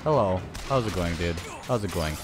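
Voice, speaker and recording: Male Let's Play commentator, low voice, exasperated and profane, loud game music behind. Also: expressive, normal speed. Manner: frustrated, swearing, voice jumping up when annoyed. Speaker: gameplay commentator.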